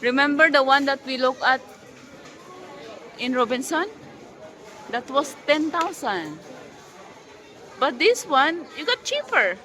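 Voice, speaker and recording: With a pushed, bright, high-pitched voice and big pitch swings, a woman speaks slowly and pauses often. She is filming a casual family vlog in a crowded, noisy public space, coaxing a small child, chatting with her husband and often laughing.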